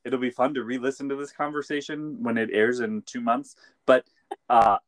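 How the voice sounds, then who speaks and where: A man in relaxed podcast banter who drops dry, wry comments. His pitch sits at an ordinary middle level for a man, and he keeps the conversation moving along. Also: normal speed. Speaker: podcast co-host. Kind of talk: casual chat.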